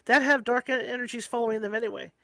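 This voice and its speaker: A man's voice: very high-pitched, fairly even intonation, crowd noise. A man hosting an interview, chatty and conversational, asking questions and adding his own stories. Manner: chatty, quick asides. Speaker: host. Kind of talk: casual interview chat.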